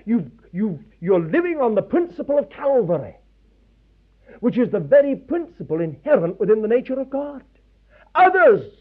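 A man preaching a sermon, animated and emphatic, with pauses. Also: on the high side, husky. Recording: tinny phone-like old recording.

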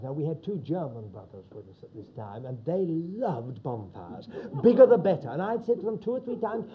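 A man's voice: a little high, big pitch swings, fairly quick, a little hiss or hum. An older man telling a folksy testimony to his congregation, repeating "he said" often. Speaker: church speaker. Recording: dull lo-fi recording.

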